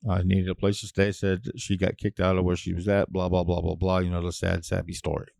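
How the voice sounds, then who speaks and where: A man hosting his own show, ranting in a casual monologue, blunt and profane with sudden loud outbursts. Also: low-pitched, completely flat delivery, a little fast, gravelly, dry recording, clean studio sound. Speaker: podcast host.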